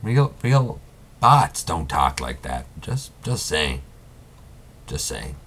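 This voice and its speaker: A man plays a laid-back robot host of a late-night talk show, chatty and rambling. His voice is low with a husky edge, and he talks at an unhurried pace. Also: very animated, a bit bright, exaggerated voice. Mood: puzzled. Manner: casual, rambling, chatty with fillers.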